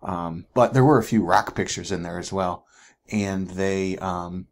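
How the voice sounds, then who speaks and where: A man's voice: deep voice, fairly even intonation, a little slow. A man teaching geology in a chatty recorded lecture, often asking "right?" and correcting himself as he goes.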